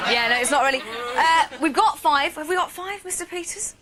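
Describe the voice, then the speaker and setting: A woman's voice: high-pitched, lively intonation, normal speed, a loud crowd, very noisy. A woman presenting live television in a cheery way, cheering on the finalists. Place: live TV studio with crowd.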